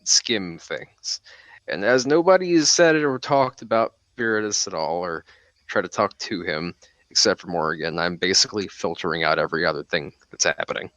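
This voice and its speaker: A man's voice: deep voice, expressive, moderate pace, fairly bright tone, dry recording. A man playing a tabletop game, explaining at length in casual chat. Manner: explanatory, rambling. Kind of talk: casual chat over a voice call.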